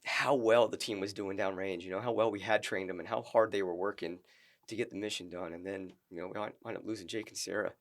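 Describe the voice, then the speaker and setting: A middle-aged man, a retired Marine, telling stories as a podcast guest in a halting, earnest way with many restarts. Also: low-pitched, fairly even intonation. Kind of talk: casual interview storytelling.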